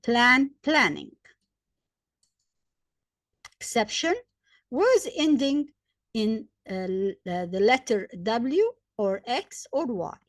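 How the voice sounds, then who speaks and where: A woman, likely a native Arabic speaker, teaching English grammar step by step, spelling out letters, repeating examples and pausing with fillers. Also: fairly high pitch, sing-song, no echo, studio quality. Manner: hesitant fillers between points. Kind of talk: slow, deliberate grammar lesson.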